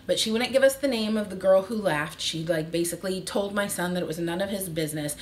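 A woman's voice: medium pitch, quick pace, a little hiss or hum. A woman in her thirties telling a story in a casual vlog, acting out the voices of the people in it. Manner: animated, acts out quoted voices. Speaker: vlogger.

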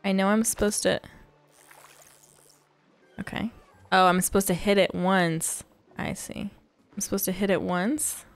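Bubbly woman gamer with gravelly fry. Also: mid-range voice, unhurried, pauses often. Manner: bubbly and excitable, squealing little cheers. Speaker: gaming channel host. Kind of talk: casual let's-play commentary.

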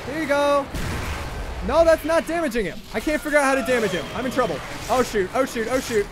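A young man streaming a game live, chatting with viewers in an excitable, jokey way and repeating himself when he panics. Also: very high-pitched, fast talker, noisy background. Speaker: gaming livestreamer. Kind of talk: excitable live gameplay commentary.

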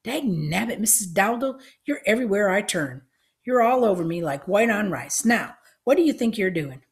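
A woman reading an audiobook, voicing a blustering, pudgy male small-town sheriff who bawls and booms with indignation. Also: expressive, moderate pace, close to an everyday voice. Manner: bawling, booming, indignant.

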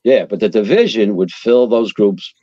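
A retired fire captain, an older Queens, New York man with a voice on the low side, tells stories at a moderate pace as a guest in a casual interview. He's blunt, profane and animated, and the dull lo-fi audio has no echo.

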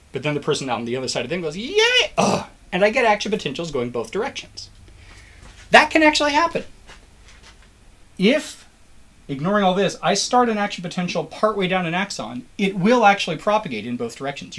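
Animated man lecturing on biology. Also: sits high, brisk. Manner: animated, acts out cheering crowd voices in examples; encouraging toward students.

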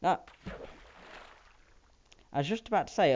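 A Minecraft let's player rambles through casual, self-mocking gameplay commentary, tossing in playful sound effects. His voice is mid-range and a little mellow, with lively intonation and a moderate pace. It's captured on a dull lo-fi home mic with faint hiss.

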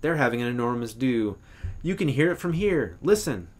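A man's voice: medium pitch, very animated, moderate pace. A plain-spoken adult woman from a spoken short story, voiced by a male reader, direct and matter-of-fact. She answers frankly, without fuss.

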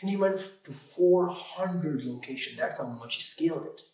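A man's voice: fairly high pitch, lively intonation, moderate pace, darkish tone. Guy in his 30s, shop owner on a podcast, keeps repeating and restarting, echoey room. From Michigan, USA. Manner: emphatic, repeats words, restarts often. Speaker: auto repair shop owner, guest. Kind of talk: casual podcast interview. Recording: roomy room, distant mic.

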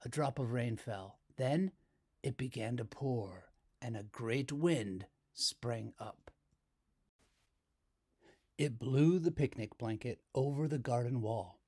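A man reading a children's picture book aloud as storyteller, slow and expressive. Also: mid-range voice, husky.

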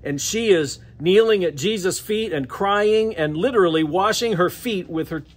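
A husky, fairly high-pitched man with an American accent delivers a church sermon. He preaches in a loose, conversational way and chuckles often between phrases. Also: moderate pace. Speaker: pastor. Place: church sanctuary.

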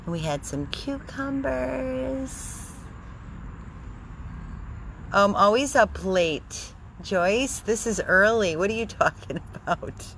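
A woman cooing affectionate baby talk at a rescue dog while she chats with people watching her live stream. Her voice sits in an ordinary middle pitch. A faint hum of background noise runs under it. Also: expressive, slow, gravelly, fairly bright tone. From Florida. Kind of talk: casual live stream talking to a dog and viewers. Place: home with dogs, indoors and out.

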